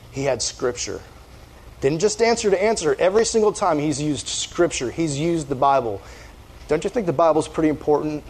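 A man giving a casual, energetic youth sermon, joking with his listeners. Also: a little high. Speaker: youth pastor.

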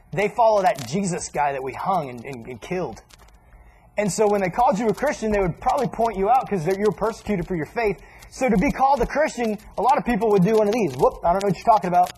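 A man preaching a sermon in a casual, animated way, acting out little asides as he teaches. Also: high voice, slight background noise, rough recording.

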